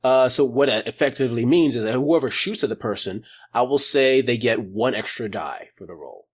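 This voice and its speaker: A man's voice: mid-range voice, expressive, brisk, breathy edge. A man running a tabletop role-playing game as game master, joking about how his plans went wrong. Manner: jokey, laughing at his own plans going wrong.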